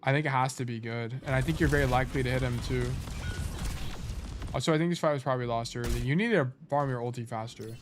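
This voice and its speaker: Over some background noise, a fast-talking man with a mid-range voice offers casual live-stream coaching on a game replay. His thinking-aloud style is relaxed and a bit sleepy, and he frequently trails off and corrects himself.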